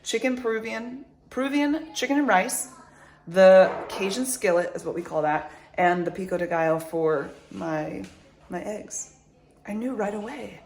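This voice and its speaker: A woman's voice: mid-range voice, unhurried, a little mellow. A woman in her thirties chatting casually to her viewers in a vlog, upbeat and rambling, with lots of likes and ums. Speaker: vlogger, mother.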